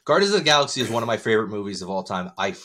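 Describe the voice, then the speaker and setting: A man's voice: on the low side, sing-song, rapid-fire, sharp tone. A man co-hosting a podcast in easygoing casual chat, agreeing readily and chuckling often. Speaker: podcast co-host.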